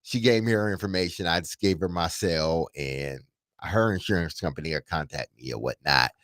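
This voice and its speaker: A man's voice: sits low, moderate pace, dry recording, studio quality. A middle-aged man, a radio host telling a story casually and dramatically, laughing as he goes. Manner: animated, laughing, dramatic retelling.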